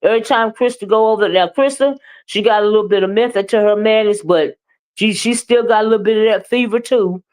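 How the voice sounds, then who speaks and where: A woman hosting a casual live-stream gossip show, talking in a sassy, emphatic, drawn-out way. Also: mid-range voice, darkish tone, clean tone. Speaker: live-stream commentary host.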